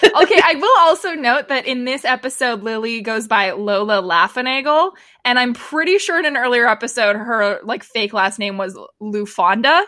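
A woman's voice: a little high, animated, normal speed, hardly any pauses, bright, forceful tone, no echo. A woman co-hosting a casual podcast, recapping a TV episode in a chatty way, with lots of fillers and laughter. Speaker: podcast co-host.

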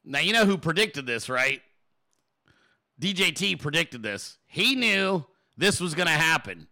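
A man hosting his own show, riffing in a sarcastic, profane commentary style. His voice is gravelly and crisply bright, a little higher than most men's, with a faint hiss behind it. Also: big pitch swings, unhurried, dry recording, studio quality. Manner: sarcastic, profane, cheerful banter. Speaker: show host. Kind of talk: mocking livestream commentary.

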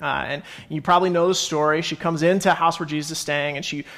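A man's voice: fairly high pitch, steady tone, fast talker, a bit bright. Chatty man preaching a sermon. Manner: conversational, self-correcting, reads scripture aloud. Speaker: pastor.

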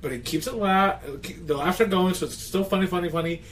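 A man co-hosting a podcast in an excitable, swearing casual chat as he retells movie scenes. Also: high voice, brisk, a little hiss or hum. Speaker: podcast co-host.

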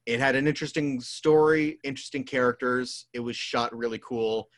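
A man of middle pitch on a podcast, talking loosely and at length. He pauses often on "um" and "like" while he gathers his thoughts. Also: steady tone. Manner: rambling, full of "um" and "like". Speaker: podcast co-host. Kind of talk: casual chat about movies.

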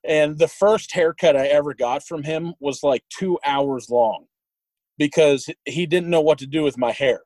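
A young guest with a slightly high voice shares old memories in casual, rambling stories, warm and chuckling as he goes. He speaks unhurriedly, and the recording is close, dry, echo-free and poor in quality.

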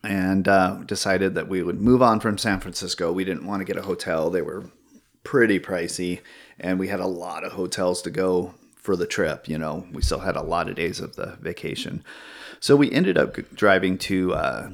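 Man, podcast host, very deep voice, jokey, animated storyteller, casual chat. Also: moderate pace.

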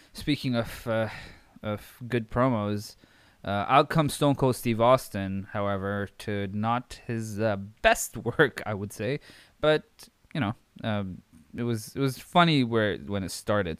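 A man's voice: lowish voice, clean tone, dry recording. A young man hosting a podcast, recapping wrestling in a rambling, amused way with many fillers. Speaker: podcast host.

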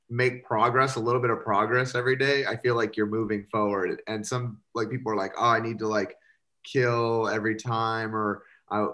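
A man talks as a podcast guest, stringing his thoughts together loosely, with fillers and easy laughter. His voice is bright and forward at a middle pitch. He sounds relaxed and chatty throughout. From United States. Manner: rambling, many fillers, laughs often. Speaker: comedian guest. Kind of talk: casual podcast interview.

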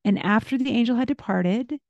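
A woman's voice: on the high side, a little fast, a little mellow, dry recording, dull audio. A woman hosting a faith podcast, retelling scripture stories in a casual way with asides and fillers. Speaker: podcast host.

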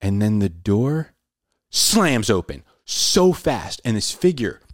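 A man telling a personal story in a casual, animated way, often saying "dude". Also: lowish voice, takes it slowly, dry recording, studio quality. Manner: animated, says "dude" a lot.

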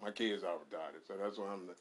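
A man's voice: low-pitched, fast, slight background noise. A middle-aged man hosting a podcast, telling comic stories in a profane, rambling way. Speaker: podcast host. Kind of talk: comedic storytelling on a podcast.

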